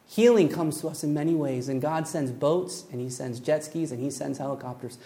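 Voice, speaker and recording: A man preaching a sermon, telling a story with lively acted-out voices, building to emphatic points. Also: on the high side, fairly quick. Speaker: pastor.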